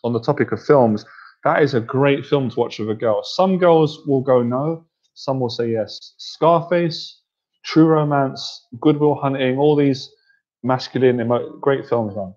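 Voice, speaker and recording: A man's voice: mid-range voice, unhurried, a little mellow. A man coaching a group on dating, in a chatty, playful way with frequent laughter. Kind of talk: casual coaching talk to a group. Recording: dull lo-fi recording.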